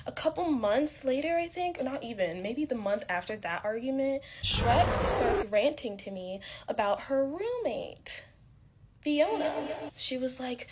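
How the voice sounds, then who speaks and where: A young woman telling a casual story from her college days. She rambles a little and fills her talk with "like" and "um," and her retelling is lively. There is clear background noise behind her. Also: on the high side, measured pace. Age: young adult. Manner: rambling, filler-heavy, animated retelling.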